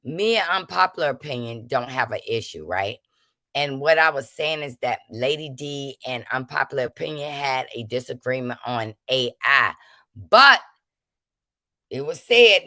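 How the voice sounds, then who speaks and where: A woman's voice: very deep voice, pushed and bright, no room sound, studio quality. Confrontational woman ranting on a livestream. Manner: confrontational, calling people out; preachy, invoking prayer and forgiveness. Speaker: livestream host. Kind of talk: ranting livestream talk to chat.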